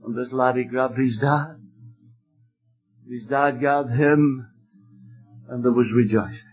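A man preaching an evangelistic sermon, telling stories fervently and emphatically, with loud exclamations at times. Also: medium pitch, steady tone, slow pace, slightly rough, muffled recording, soft background music.

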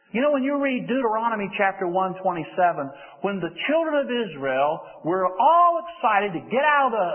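A man preaches a sermon earnestly, raising his pitch for emphasis. The sound is phone-like, with long hall reverb.

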